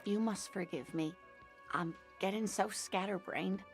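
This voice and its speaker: A woman's voice: medium pitch, unhurried, over music, close to an everyday voice. A woman voicing a kindly, scatterbrained older woman in a video game who sweetly calls people sweetie. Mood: fond. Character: kindly, scatterbrained old married woman in a wheelchair. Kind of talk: game dialogue.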